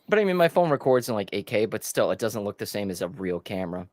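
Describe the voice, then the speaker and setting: A man's voice: lowish voice, very animated, fast, no room sound. A man hosting a casual book club chat online, loose and joking, with lots of filler words. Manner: loose, joking, says "like" a lot. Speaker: podcast host.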